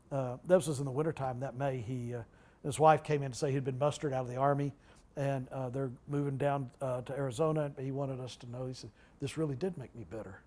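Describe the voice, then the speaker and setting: A man in his sixties, a guest speaker, tells stories at a public talk in a halting way, full of restarts and asides. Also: mid-range voice, a little mellow. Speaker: guest speaker, retired library director. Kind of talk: anecdotal storytelling at a public talk.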